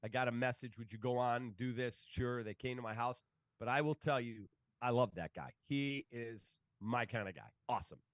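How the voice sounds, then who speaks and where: A man's voice: medium pitch, moderate pace, dry recording. A man, a sports broadcaster telling stories in casual talk and acting out the voices of the people in them. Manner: animated, acts out quoted voices. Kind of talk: casual storytelling.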